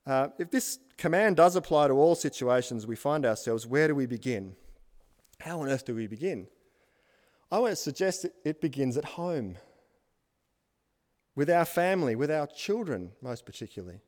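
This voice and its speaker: A man's voice: mid-range voice, animated, moderate pace, darkish tone, big-room sound. A man preaching a sermon as pastor, building emphatic lists and asking the congregation questions.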